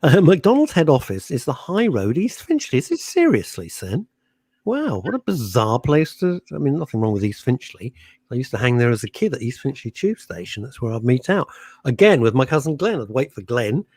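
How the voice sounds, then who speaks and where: A man's voice: medium pitch, big pitch swings, moderate pace, darkish tone, husky, no room sound. A man co-hosting a radio show, telling rambling stories with a lot of laughter. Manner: laughing, chatty storyteller. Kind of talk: casual radio chat. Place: radio studio.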